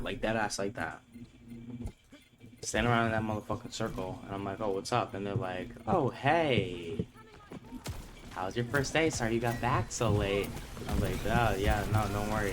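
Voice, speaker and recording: A man's voice: fairly low pitch, background noise. A young man casually telling a storytime vlog, swearing freely and acting out the people he quotes. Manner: profane, animated retelling with quoted voices. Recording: music playing clearly behind.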